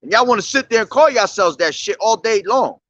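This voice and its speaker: A man's voice: high-pitched, expressive, fairly quick, fairly bright tone, no room sound. A man preaching on the street in a blunt, profane, confrontational way.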